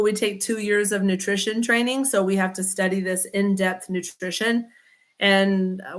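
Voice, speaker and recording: A woman, a chiropractor chatting casually on a livestream, rambling and greeting viewers by name. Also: mid-range voice. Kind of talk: casual livestream chat reading comments.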